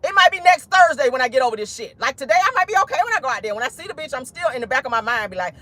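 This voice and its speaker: Sassy, animated woman talking while driving. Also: high-pitched, rapid-fire, hardly any pauses. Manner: animated, sassy, swearing storyteller. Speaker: host. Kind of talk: casual gossip vlog. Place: in a car, driving.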